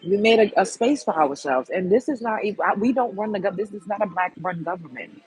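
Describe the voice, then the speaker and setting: A woman's voice: medium pitch, lively intonation, brisk, a little mellow, slightly rough, soft background music, poor audio. A woman hosting a livestream, giving a blunt, heated and profane commentary rant to her viewers. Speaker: livestream host.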